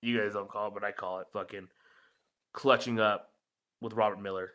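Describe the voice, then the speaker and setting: A young man co-hosting a podcast, telling his sports stories in animated casual chat and swearing often. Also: on the low side, normal speed, a little hiss or hum. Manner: animated storytelling, heavy swearing. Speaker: podcast co-host.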